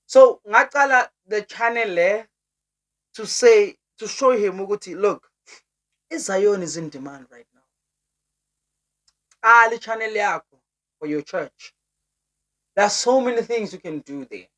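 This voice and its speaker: Young South African woman vlogger, lively, pushy-friendly, voice jumps high when keen. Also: unhurried, pauses often. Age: young adult. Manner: animated, urging, pitch leaps up high. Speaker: YouTuber. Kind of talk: casual vlog chat to viewers.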